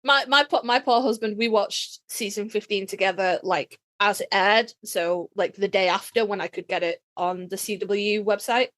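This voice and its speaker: A woman's voice: mid-range voice, moderate pace, hardly any pauses, a bit bright. A woman co-hosting a podcast, talking casually, emphatic and swearing freely. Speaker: podcast co-host. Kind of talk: casual chat.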